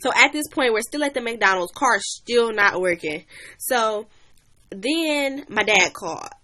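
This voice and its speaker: A woman's voice: a little high, lively intonation, a little slow, bright, forceful tone. A young woman chatting on a livestream, animatedly telling a story and greeting new viewers. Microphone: webcam or phone mic.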